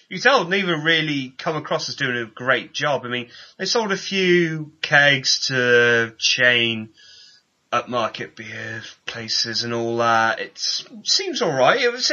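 A man's voice: fairly high pitch, pushed and bright, muffled recording. A man co-hosting a podcast, chatting casually about a TV show and joking and laughing often. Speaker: podcast co-host.

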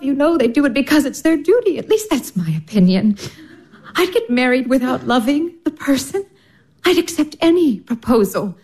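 A woman playing a gentle elder sister in a radio play, speaking softly and soothingly with light laughs. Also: high voice. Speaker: stage actress in a radio drama.

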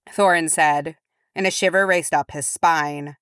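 A woman reading fan fiction aloud with steady, even narration. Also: sits low, takes it slowly, no room sound, studio quality. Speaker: audiobook reader.

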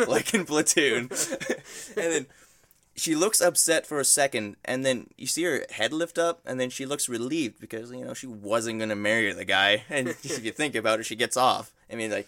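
A man at an average pitch tells a movie plot in a loose, rambling way, laughing as he goes and acting out little quotes. The sound is dry and close, with no room echo. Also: expressive, normal speed, a bit bright. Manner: rambling storytelling, laughs often, acts out quotes. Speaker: guest describing a movie. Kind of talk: casual podcast chat.

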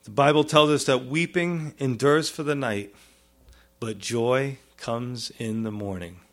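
A man preaching a sermon as a pastor, earnest, with pleading rises and soft low drops, often asking "you see?" and "right?". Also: a little slow.

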